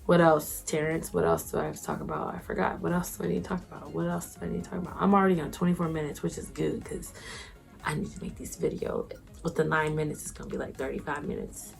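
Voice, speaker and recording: A woman's voice: low-pitched, lively intonation, fast talker, vocal fry, faint music behind. A woman vlogger, a new mother, chatting casually to the camera in a loose, slangy way.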